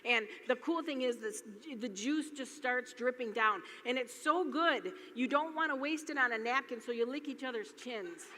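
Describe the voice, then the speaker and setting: A woman from Michigan with a high, bright voice tells loose, giggly stories from a stage, always drifting back with "anyway." Her voice rings in a large hall with long reverb. Faint noise sits under the recording. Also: expressive, moderate pace, few pauses. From Michigan, USA. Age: middle-aged. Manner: rambling, chatty, laughs often, keeps saying "anyway". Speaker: speaker at a business event. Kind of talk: casual storytelling talk to a live audience. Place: large hall before an audience.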